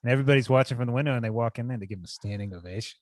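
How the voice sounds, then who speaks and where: A man's voice: medium pitch, rapid-fire, no echo. A man co-hosting a podcast in casual chat, blunt, swearing freely and laughing often. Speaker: podcast co-host.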